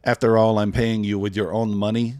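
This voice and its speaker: A man putting on a smug male card-shark gangster with a thick, rough foreign accent, drawing out his words in a gloating way. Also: fairly low pitch, flat delivery, moderate pace, darkish tone, dry recording, close to an everyday voice.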